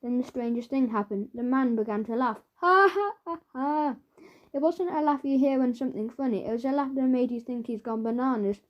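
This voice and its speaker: A woman narrating a children's audiobook in a playful, expressive way, on a dull lo-fi recording. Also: a little high, quick pace, few pauses.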